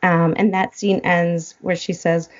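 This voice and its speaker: A woman's voice: on the low side, level tone, a little slow, highs cut off. A woman guest in a casual chat, retelling a film plot and getting choked up as she goes. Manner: emotional, choked up while retelling. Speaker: podcast guest.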